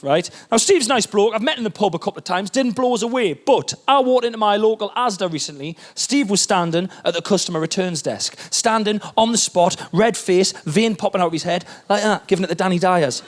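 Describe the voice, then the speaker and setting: Male stand-up, very high voice, excitable storytelling on a stage mic. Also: noisy background. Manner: animated storytelling, exclamatory, swears freely. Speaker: stand-up comedian. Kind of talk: stand-up set. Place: comedy stage.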